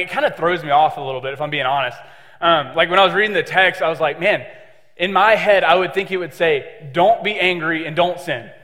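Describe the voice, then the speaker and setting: A man's voice: high voice, sharp tone. A young man preaching a casual sermon, joking and chatty with many fillers. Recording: long reverb of a hall.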